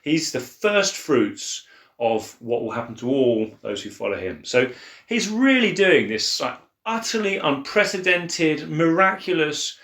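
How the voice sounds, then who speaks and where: Man, higher voice, lively swings, talking Bible in an echoey room; animated, acts out quotes. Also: measured pace. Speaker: co-host of a church Bible podcast. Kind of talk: casual Bible discussion.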